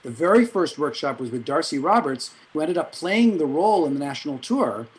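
A middle-aged man, a music director and vocal coach, telling rambling anecdotes in an interview, with quick asides and self-corrections. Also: fairly high pitch, big pitch swings, poor audio. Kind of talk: storytelling in an interview.

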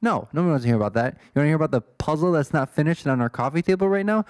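A man's voice: a little high, lively intonation, rapid-fire, dry recording, clean studio sound. A man in his twenties from Illinois, rambling through a casual, self-deprecating monologue as a podcast host. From Illinois, USA. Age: 20s. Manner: self-deprecating, swears, wanders off topic.

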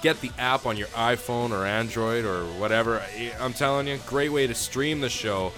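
A man's voice: medium pitch, moderate pace, over music. A man co-hosting a casual wrestling podcast, chatting and plugging the show in a laid-back announcer way. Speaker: podcast co-host.

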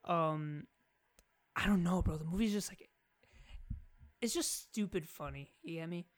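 A man's voice: on the high side, unhurried. A young man co-hosting a casual movie chat, playful and slangy, joking with his friend. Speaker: podcast co-host.

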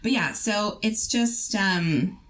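Young woman from Canada, podcast co-host; halting, rambling, casual storytelling, mid-pitched. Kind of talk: casual chat.

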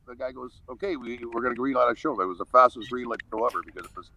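A man's voice: mid-range voice, racing, vocal fry, heavy background noise. A man telling stories as a podcast guest over a call, blunt and freely profane. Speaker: podcast guest, reality show star. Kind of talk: casual storytelling on a call. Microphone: phone or video call over wifi.

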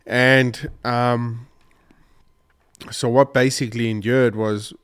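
A man's voice: medium pitch, level tone, takes it slowly, fairly bright tone, smooth. A man vlogger telling a hunting story in a rambling, emotional way, choked up and sniffly. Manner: emotional, rambling retelling with restarts. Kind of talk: casual storytelling to camera.

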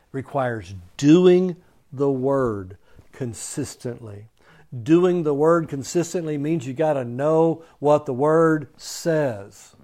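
Guy preaching, reads the verses then riffs on em, goes loud then drops to almost a whisper, repeats stuff. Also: mid-range voice. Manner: repeats and restates words for emphasis. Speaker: pastor. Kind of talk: sermon.

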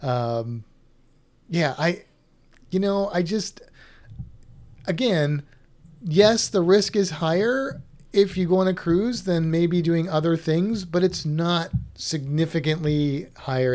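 A man's voice: high-pitched, a little mellow. Chatty man co-hosting a podcast. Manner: chatty, rambling with many restarts. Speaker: podcast co-host. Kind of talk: casual chat.

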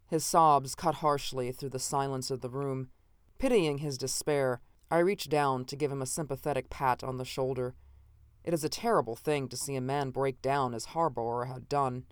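A narrator reading a first-person science fiction story in a measured, dramatic way. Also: mid-range voice, steady tone, clean tone, no room sound, clean studio sound. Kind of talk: scripted audiobook narration.

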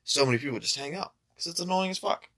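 Young male podcast co-host, casual and profane, gravelly. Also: expressive, fast, sharp tone. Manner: laid-back, swears a lot, laughs often, acts out quotes in higher voices.

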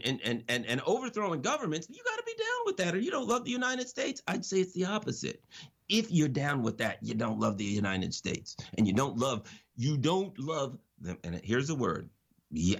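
A man's voice: mid-range voice, gravelly, breathy edge. A man giving impassioned political commentary on radio, preacherly and emphatic, with repeated phrases.

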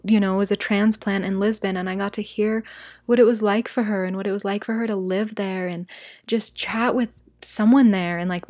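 A woman's voice: mid-range voice, a little mellow, dry recording, studio quality. A young American woman telling a travel story in a casual, emotional vlog, talking straight to her viewers. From United States. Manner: chatty, emotional, says "like" and "you guys" a lot. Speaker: travel vlogger.

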